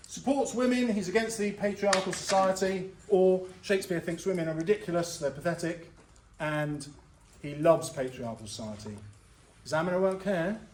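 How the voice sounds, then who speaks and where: A man teaching a revision lesson to a school year group, lively and jokey, acting out the characters. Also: sits high, a little hiss or hum. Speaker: English teacher. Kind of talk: classroom revision lecture. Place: school hall. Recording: roomy hall sound from a distance.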